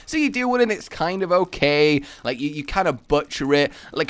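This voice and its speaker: A young man rambling through casual gameplay commentary, self-mocking and breaking into loud laughing shouts. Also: fairly high pitch, very animated, brisk, few pauses, dry recording. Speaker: gaming YouTuber.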